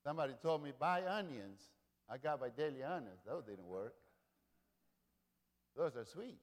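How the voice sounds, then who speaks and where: A man preaching a sermon, repeating lines, swelling loud and falling quiet. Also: mid-range voice, expressive, moderate pace. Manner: rousing preaching with repetition, rising and dropping in volume. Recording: long reverb of a large hall.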